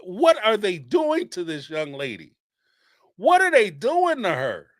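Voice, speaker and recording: This reality TV commentary host talks in a high voice with huge swings in pitch, moving a little slowly as he bluntly ridicules other people's remarks, cursing and laughing along the way. It's a casual monologue, recorded cleanly in a studio without echo.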